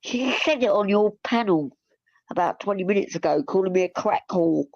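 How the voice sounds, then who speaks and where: A woman's voice: medium pitch, lively intonation, moderate pace, a little mellow, dry recording. A woman, a guest on a live panel, chatty and defensive. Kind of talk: casual live panel chat. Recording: dull lo-fi audio.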